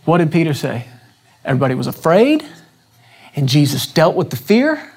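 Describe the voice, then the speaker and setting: A man with a husky, darkish voice on the high side, marked by big pitch swings at normal speed, preaches an evening sermon to a congregation. His style is casual and chatty, with frequent questions for the audience and scripture quotes performed with changing emphasis.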